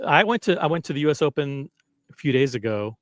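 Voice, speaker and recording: Rambling, animated male livestream host. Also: a little high, fast talker, no echo, clean studio sound. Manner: rambling, self-deprecating, chatty with viewers. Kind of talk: casual live-stream chat.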